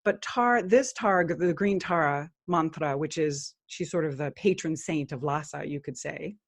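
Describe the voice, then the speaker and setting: A woman guest on a podcast talks earnestly about spiritual practice. Her voice sits on the low side, and at times she chants mantras slowly. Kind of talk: spiritual interview talk.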